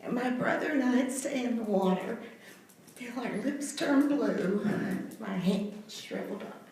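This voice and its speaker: A woman's voice: a little high, measured pace, a little mellow, a little hiss or hum. An older woman giving tearful public comment at a hearing, her voice breaking with emotion. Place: public meeting room. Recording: very echoey hall, heard from far off.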